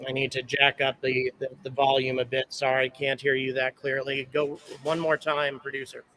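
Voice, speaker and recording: A man's voice: mid-range voice, completely flat delivery, moderate pace, pushed and bright, a little hiss or hum, poor audio. A man hosting a live stream outdoors, rambling and chatty as he thanks viewers and reads out where they are watching from. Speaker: livestream host. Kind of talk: casual live stream chat. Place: outdoors at a launch site viewpoint. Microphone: own microphone on a handheld camera setup.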